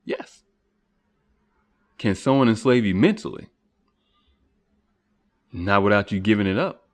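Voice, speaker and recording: A podcast host thinks out loud in a loose philosophical monologue. He keeps asking rhetorical questions and restarting his sentences. His pitch moves with a lively range. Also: measured pace.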